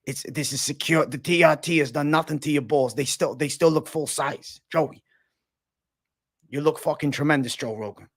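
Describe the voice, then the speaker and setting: A man putting on an impression of a crude older male comedian, speaking low and rambling. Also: normal speed.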